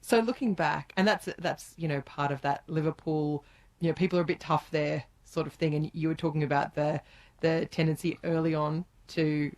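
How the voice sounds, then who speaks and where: A woman with a low voice hosting a radio interview. She asks long, winding questions that loop back on themselves before she gets to the point. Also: steady tone, normal speed, darkish tone.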